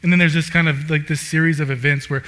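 A man preaching a sermon in a casual, conversational way, full of "like" fillers, swinging from loud emphatic bursts to low quiet asides. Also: fast. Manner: animated, rising loud and emphatic then dropping low.

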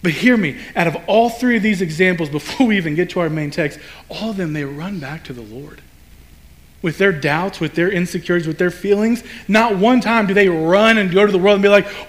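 Speaking at a normal pace in a high voice, a man delivers a sermon to a congregation in a conversational style. He poses rhetorical questions and acts out quotations.

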